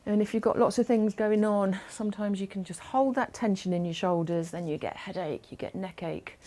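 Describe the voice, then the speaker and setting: A woman instructor leading a gentle chair exercise class over a video call, encouraging and instructive. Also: medium pitch, fairly quick.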